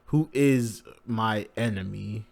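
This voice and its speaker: A man reading the lines of a calm, decent young male hero from a manga in his own voice. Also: on the low side, slow, creaky. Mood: questioning.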